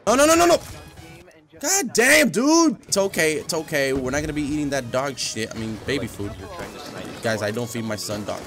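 A young man giving loud, profane, raging commentary while playing a shooter game. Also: mid-range voice, lively intonation, moderate pace, soft background music. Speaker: gaming YouTuber. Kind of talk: live gameplay commentary.

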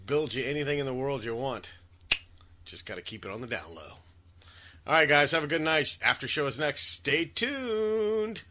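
A man's voice: medium pitch, expressive, fairly quick, bright, forceful tone. A man hosting a podcast, chatting crudely and loosely, swearing and laughing as he rambles. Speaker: podcast host. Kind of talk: crude casual chat.

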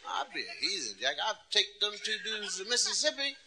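A man doing live stand-up comedy, telling stories in an animated, playful way. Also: sits high, moderate pace, few pauses, noisy background.

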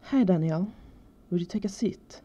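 A woman reading as a calm social worker. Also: on the low side, normal speed, husky. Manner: calm and methodical. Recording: dull lo-fi recording.

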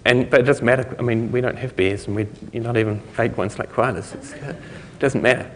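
A man's voice: medium pitch, brisk, a little hiss or hum. New zealand guy rambling through a conference talk, lots of ums and restarts, voice ringing out in a big echoey hall. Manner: loose and rambling, many fillers and restarts, chuckling asides. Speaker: conference speaker. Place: lecture hall. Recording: lecture hall with long reverb.

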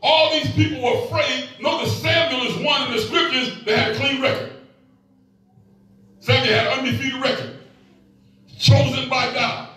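A man's voice: extremely high pitch, fairly even intonation, moderate pace, pauses often, sharp tone. A middle-aged male pastor preaching a sermon, with call-and-response to the congregation and playful asides. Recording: echoey room, mic at a distance.

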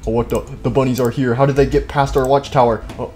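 A man hosting a gaming video, playing out a goofy war scene with hushed sneaking and sudden panicked yelps. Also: medium pitch, steady tone, fast talker, few pauses. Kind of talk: playful role-play commentary over a game.

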